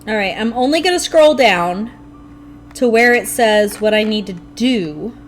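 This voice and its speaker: A young woman streaming a video game live, talking to herself and her chat in an animated, playfully grumbling way. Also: fairly high pitch, unhurried, a little hiss or hum. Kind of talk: live gameplay commentary.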